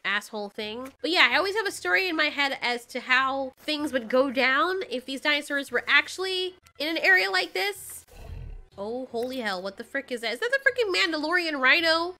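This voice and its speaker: A woman commentating live as she plays a video game, reacting loudly and swearing at the game in exasperation. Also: high voice, sing-song, moderate pace. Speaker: gaming channel host.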